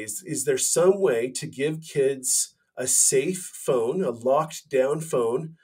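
A company founder in his forties appears as a podcast guest in a casual interview, telling his story earnestly and often restarting his phrases. His voice is mid-range, darkish, and slightly rough.

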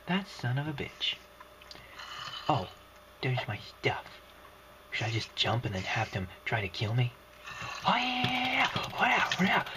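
A man commentating a video game at home, excitable and swearing, switching between shouts and a hushed whisper-yell. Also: mid-range voice, noisy background. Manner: swears and jokes to himself. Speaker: gaming commentator. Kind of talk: let's play commentary. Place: home while others sleep.

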